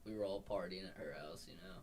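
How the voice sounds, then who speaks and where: A young man with a lowish voice drawls his way through a party story, loose and unhurried. A faint hum of room noise sits under him. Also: darkish tone, poor audio. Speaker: guest. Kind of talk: casual storytelling chat.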